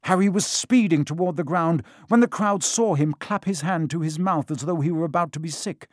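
A man narrating a children's storybook in a steady, expressive reading. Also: fairly high pitch, brisk, no room sound, clean studio sound. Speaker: audiobook reader.

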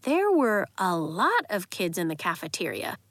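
A woman narrating a children's story in a lively, expressive way. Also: on the low side, normal speed, no room sound. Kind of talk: audiobook narration.

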